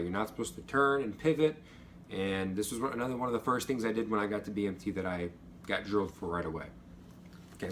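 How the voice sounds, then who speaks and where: A young man talks through his basic training mistakes in a casual vlog. He is animated and lively, jumping up to act out the instructors' barked orders. His voice sits mid-range, with a faint hiss of room noise behind it. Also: medium pitch. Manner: animated, acts out drill instructors' yells. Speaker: vlogger, former Air Force trainee.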